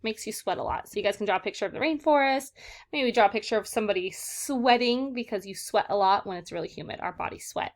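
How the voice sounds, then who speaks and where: A woman's voice: mid-range voice, quick pace. Young woman teacher, patient and encouraging, leads children through vocabulary words in a video lesson. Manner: encouraging, repeats and checks in with "okay, guys?". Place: southern California.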